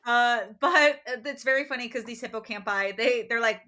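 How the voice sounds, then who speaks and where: A woman co-hosting a podcast, recapping a book in casual chat and acting out quick quotes from the characters. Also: on the high side. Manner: animated storytelling with quick voiced quotes and laughs. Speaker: podcast co-host.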